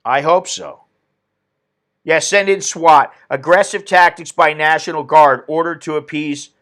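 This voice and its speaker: A man with a fairly high, fairly bright voice hosts an opinionated political commentary stream, speaking steadily and without hurry. He rants indignantly and reads viewer comments aloud.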